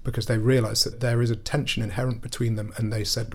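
Casting: podcast guest, man, gravelly husky voice, earnest explainer. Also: mid-range voice, flat delivery, quick pace. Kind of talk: political discussion podcast.

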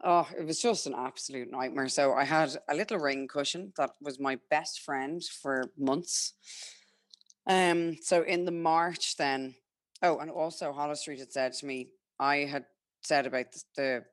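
A woman's voice: sits low, a little slow, dry recording, studio quality. A young Irish woman telling her own story frankly and chattily, quoting herself and others as she goes. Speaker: guest sharing her story. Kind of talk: candid personal storytelling.

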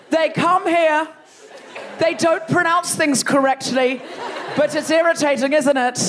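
A woman hosting a comedy podcast live on a theatre stage, teasing the audience in animated crowd work. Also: high voice, a little slow, background noise. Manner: teasing, animated, laughing between jokes. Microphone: stage microphone.

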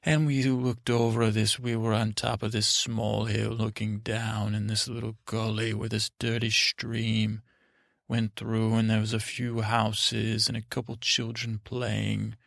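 A man's voice: fairly low pitch, monotone, unhurried, creaky, fairly bright tone, dry recording, studio quality. A man speaking as a blunt, plain-spoken stepmother, telling a rambling bedtime story in a drowsy way, full of restarts. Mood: wry.

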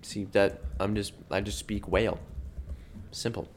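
A man co-hosting a casual podcast chat, goofing around with deadpan trolling jokes. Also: lowish voice, unhurried, a little hiss or hum. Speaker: podcast co-host.

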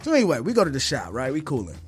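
Barber, casual storyteller; quick, high, profane, does the voices. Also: male voice, music in the background. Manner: animated, acts out voices in his story; slangy, profane street talk.

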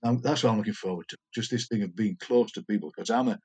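Husky older man, chatty. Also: on the low side, fast talker, dark tone. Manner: enthusiastic, chatty storyteller. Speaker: poet guest. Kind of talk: casual interview chat.

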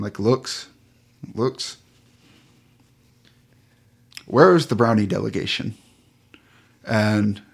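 A man narrating a tabletop game as game master, unhurried and halting, with many fillers. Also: on the low side, creaky.

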